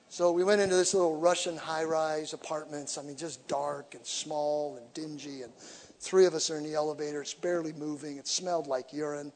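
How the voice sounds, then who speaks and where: A man preaching as an evangelist, telling stories with humor and swinging from quiet to shouting. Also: fairly high pitch, brisk. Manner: animated storytelling with humor, shifts from quiet to shouting. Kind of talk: sermon. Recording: echoey hall reverb.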